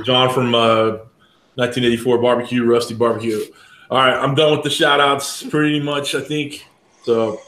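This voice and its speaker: A man's voice: medium pitch, slight background noise. Easygoing man hosting in an echoey room. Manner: easygoing, reads out shout-outs. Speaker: live-stream co-host. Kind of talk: casual live-stream hosting.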